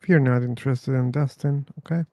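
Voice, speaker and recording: A man's voice: mid-range voice, fairly even intonation, fairly quick, dark tone. A man hosting a casual live-stream discussion, bluntly answering chat questions and joking with guests. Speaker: livestream discussion host.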